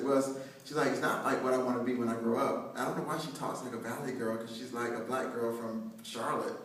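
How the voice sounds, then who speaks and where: Addressing students with an inspirational talk, a man from North Carolina speaks in a medium, slightly bright voice, joking and conversational and often restarting his sentences. The recording comes from a distance in a very echoey hall.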